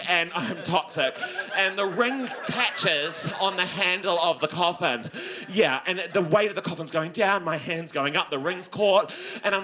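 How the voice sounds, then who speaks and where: Young nz guy doing stand-up, bright high-ish voice, jumps between squeaky panic and low grumbly impressions. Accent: New Zealand. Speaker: stand-up comedian. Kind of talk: stand-up storytelling. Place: comedy venue with laughing audience.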